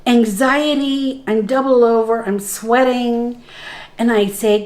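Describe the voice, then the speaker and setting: A woman's voice: fairly high pitch, fairly even intonation. A middle-aged woman, a spiritual guide, telling her own story earnestly in a conversation and acting out the dialogue as she goes. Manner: slow, earnest telling that replays dialogue in the moment. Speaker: spiritual guide and interview guest.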